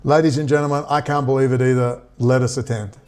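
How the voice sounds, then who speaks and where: A man ranting in casual commentary, sarcastic and mocking, often jumping into high exasperated tones. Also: flat delivery, fast, a little mellow, slight background noise. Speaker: vlogger.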